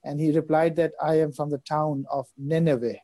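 A man recounting a religious story in conversation, talking quickly with many fillers, restarts and repeated words. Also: a little high, little pitch movement, dark tone, no echo. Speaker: religious guest speaker.

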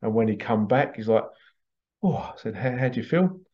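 A man's voice: mid-range voice, animated, moderate pace. A man, a past life regression practitioner, telling anecdotes in a chatty way, laughing often and acting out what his clients said. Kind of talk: casual anecdotal storytelling. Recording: dull lo-fi sound.

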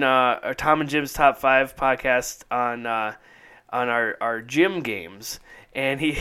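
A man's voice: fairly high pitch, sharp tone, clean tone. A man co-hosting a podcast in loose, casual chat, rambling with fillers and laughing often. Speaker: podcast co-host.

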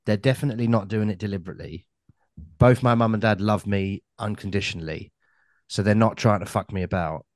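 A podcast host with a lowish voice, recorded close and dry with no room sound. He rambles through anecdotes and lands deadpan punchlines in easy chat. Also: fairly quick, no echo.

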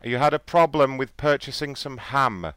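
A man's voice: mid-range voice, normal speed, fairly bright tone. A man making a prank phone call as a fake store owner, brash and mock-polite, swearing freely.

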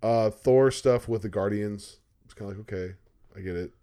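A man's voice: fairly low pitch, moderate pace, warm tone. A young man co-hosting a podcast in casual chat. He rambles enthusiastically and uses a lot of fillers.

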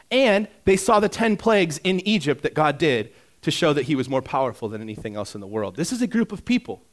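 A pastor giving a conversational sermon, shifting between hushed asides and loud emphatic passages. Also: male voice. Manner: swings from hushed, intimate asides to loud, high-pitched emphasis; conversational, with fillers and direct questions to listeners.

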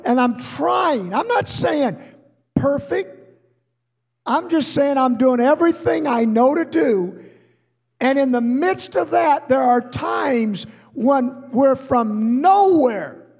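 A man preaching a sermon to a congregation, swinging from shouted high rises to hushed low asides. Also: creaky, husky, in a large hall. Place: church before a congregation.

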